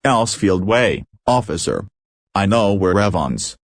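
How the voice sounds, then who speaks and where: A man's voice: fairly low pitch, very animated, slow, dry recording, studio quality, heavily acted. A man voicing a wounded male prisoner who poses as a clergyman, injured and breathing heavily, speaking in gasping, broken phrases. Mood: urgent, pained.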